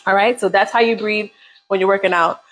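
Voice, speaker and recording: A woman's voice: mid-range voice, fairly even intonation, fairly quick, a bit bright, rough recording. A woman leading a live beginner workout, coaching casually and encouragingly while counting down reps. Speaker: fitness instructor.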